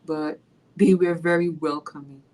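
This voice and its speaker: Animated Nigerian woman, lowish voice. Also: a little slow, poor audio. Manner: animated storyteller, laughs while retelling classroom moments. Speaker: special education maths teacher. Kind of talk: casual interview.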